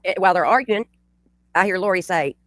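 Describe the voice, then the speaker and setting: A woman's voice: on the low side, brisk, a bit bright, no room sound. A woman hosting a livestream, telling a story bluntly and profanely, with rambling restarts. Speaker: channel host.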